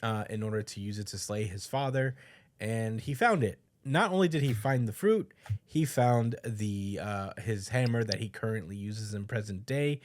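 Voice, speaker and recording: A man's voice: lowish voice, normal speed, a little mellow. A man co-hosting a podcast, casually recapping a comic chapter, rambling with lots of fillers and acting out the characters' lines. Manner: rambling, many fillers, acts out quotes. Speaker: podcast co-host.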